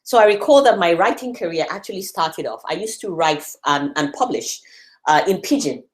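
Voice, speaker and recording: A woman's voice: fairly low pitch, expressive, fairly quick. A woman from West Africa giving an encouraging motivational talk to a room at a church learning session, firing rhetorical questions at her listeners.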